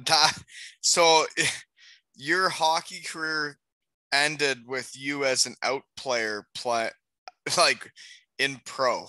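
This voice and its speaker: A man's voice: medium pitch, fairly even intonation, extremely slow, pauses often, sharp tone, no room sound. A man hosting a podcast, teasing his guest with joking banter. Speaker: podcast host. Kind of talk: casual chat.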